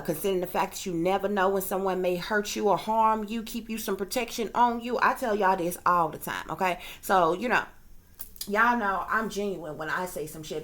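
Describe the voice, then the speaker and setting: Her mid-range voice is a bit bright as she rants at the camera. She is a psychic reader and video creator whose casual, profane talk is peppered with check-ins with her audience.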